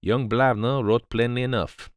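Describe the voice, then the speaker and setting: A man voicing a calm, precise male detective who explains in a placid, grave, measured way. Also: medium pitch, dry recording, natural voice.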